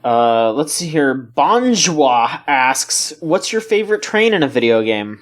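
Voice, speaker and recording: A man co-hosting a gaming podcast, chatting casually in a relaxed, rambling way with frequent laughs. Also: mid-range voice, measured pace. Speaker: podcast co-host. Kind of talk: casual chat.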